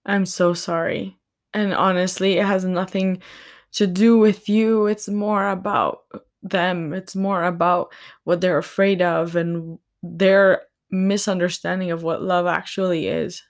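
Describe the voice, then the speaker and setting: A woman's voice: fairly low pitch, level tone, measured pace. A woman hosting a faith-based podcast, speaking earnestly and tenderly to her listeners, near tears. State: tearful, near crying. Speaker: podcast host.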